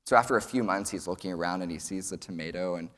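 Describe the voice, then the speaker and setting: Deep-voiced young man in a hall. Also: quick pace, fairly bright tone. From Texas. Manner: earnest, storytelling with folksy joke delivery. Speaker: student speaker. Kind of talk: prepared speech at a summit. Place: large event hall. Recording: long hall reverb.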